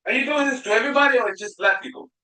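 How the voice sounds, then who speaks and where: A man working as a driver, confronting officers, challenging them with heated questions and sometimes shouting. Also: very high-pitched, rapid-fire, roomy sound, rough recording.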